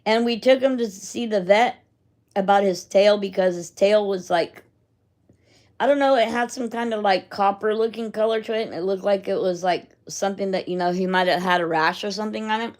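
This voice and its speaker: A woman's voice: medium pitch, fairly quick, a little mellow. Rambling, chatty middle-aged woman. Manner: rambling, chatty, laughs often. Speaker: vlogger. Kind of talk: casual chat.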